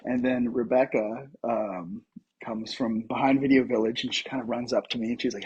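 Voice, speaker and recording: A man from Colorado tells a story from his acting life in an easy interview setting. His voice is strongly husky and sits in a middle range. He talks in an animated way with plenty of fillers. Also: medium pitch, moderate pace, dull audio. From Colorado, USA. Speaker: actor, podcast guest.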